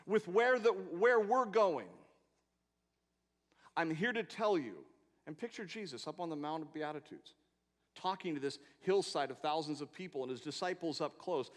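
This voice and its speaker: A man preaching a sermon, swinging between loud emphatic proclamations and quiet asides, with rhetorical questions and long lists. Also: a little high, lively intonation, normal speed. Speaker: pastor. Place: church sanctuary. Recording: long hall reverb in a church.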